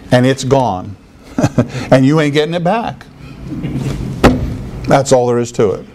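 A man preaching a conversational sermon, now and then mimicking others in a high, exaggerated voice. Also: a little mellow. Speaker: pastor.

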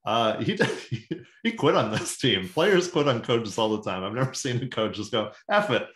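A man's voice: mid-range voice, animated, moderate pace, fairly bright tone, roomy sound, a little hiss or hum. A man co-hosting a soccer podcast, chatting casually with sarcastic, jokey asides. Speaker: podcast co-host. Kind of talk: casual sports chat.

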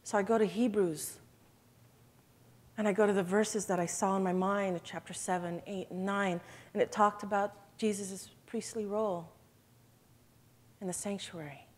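Woman, earnest church testimony speaker, emotional delivery, middle pitch. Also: steady tone, normal speed, a little mellow. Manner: earnest, emotional, addresses listeners as brothers and sisters. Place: event hall.

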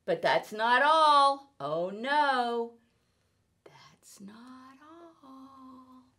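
A woman's voice: a little high, very animated, takes it slowly, a bit bright, voice pushed up, full character voice. A woman voicing a playful, show-off male cat from a children's storybook, in a sing-song, exaggerated read-aloud manner. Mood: boastful.

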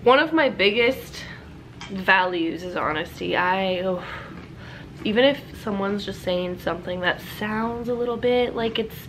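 A woman's voice: mid-range voice, fairly bright tone, a little hiss or hum, poor audio. A young woman with a stuffed-up voice, chatting casually to her camera at home in a bubbly, talkative way. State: stuffed up, congested. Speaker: vlogger. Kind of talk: casual vlog chat.

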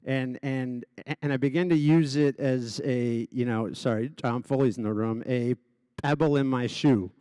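A man's voice: mid-range voice, a little slow, warm tone, clean tone, no echo. A man who stutters openly, with repeated sounds and restarts, gives a personal speech as an honoree before a live audience. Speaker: gala honoree giving a speech.

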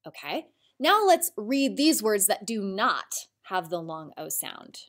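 A woman teacher gives a recorded spelling lesson to children, speaking slowly and clearly. Her voice is encouraging, with lively pitch.

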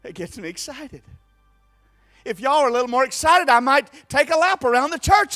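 A male pastor preaching an Easter sermon in a church, fervent and emphatic, swinging from quiet asides to shouted exclamations. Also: extremely high pitch, lively intonation, moderate pace, faint music behind. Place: church sanctuary.

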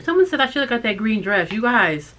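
A woman co-hosting a thrift vlog, chatting and joking with quick asides while still getting over an illness. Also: fairly high pitch, big pitch swings, fairly bright tone. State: recovering from illness. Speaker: co-host of a thrift channel. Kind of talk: casual chat.

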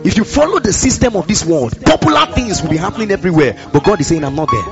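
A man's voice: high voice, big pitch swings, fast, highs cut off, over music. A male pastor preaching a sermon with emphasis, repeating his phrases and calling out to the congregation. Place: church service.

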